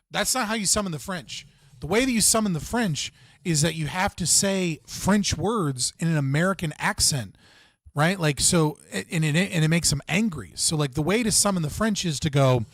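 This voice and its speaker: Young male livestream host, slightly high voice, dead-dry close mic, rambling, sweary, laughs a lot. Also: moderate pace, no room sound. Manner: rambling, profane, laughs often, restarts a lot. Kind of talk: casual livestream chat.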